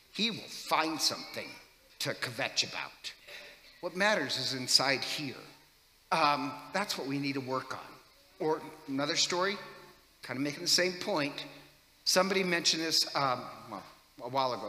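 A man's voice: on the high side, sharp tone. A man giving a homily as a priest, telling stories in a chatty, joking way with many fillers. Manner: chatty, jokey, lots of fillers. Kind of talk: homily with storytelling. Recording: echoey church hall.

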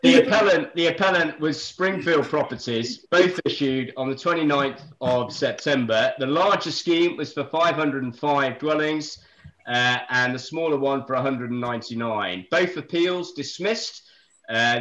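A man on a planning discussion panel, talking through appeal decisions in a dry, joking but brisk factual way. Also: medium pitch, fairly bright tone, highs cut off. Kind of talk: casual expert discussion.

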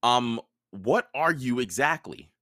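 A man's voice: medium pitch, animated, slow pace, pushed and bright, dry recording, studio quality. A man voicing a confused teenage boy who keeps firing off incredulous questions. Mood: bewildered.

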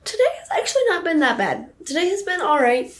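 A young woman co-hosting a casual podcast, with dry deadpan jokes and halting speech full of fillers. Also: high voice. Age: young adult. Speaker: podcast co-host.

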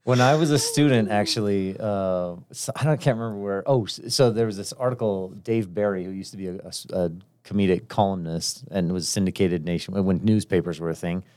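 A middle-aged college instructor chats as a podcast guest, relaxed and fond of jokes. His voice is very deep and steady. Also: brisk, few pauses, smooth. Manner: easygoing, joking. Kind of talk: casual podcast chat.

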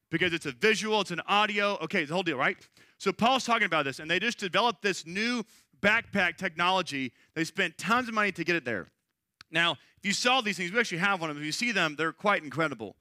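Middle-aged male pastor, brightish higher voice, dry close sound, chatty sermon storytelling. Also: no echo. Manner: conversational storytelling with frequent "right?" asides.

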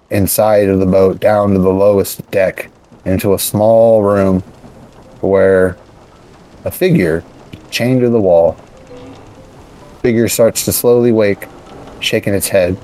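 A man narrating as game master of a tabletop game, unhurried with many pauses. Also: fairly low pitch, mellow, slight background noise, rough recording.

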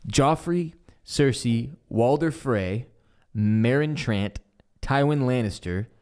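Animated man recapping a TV episode. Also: mid-range voice, takes it slowly. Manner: animated retelling, acts out character quotes, swears casually. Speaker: podcast co-host. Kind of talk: casual TV recap chat.

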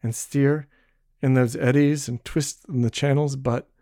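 A man doing a quiet, resolute young frontiersman. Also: medium pitch, steady tone, unhurried, dry recording, clean studio sound, close to an everyday voice. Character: young backwoods man, devoted and steady.

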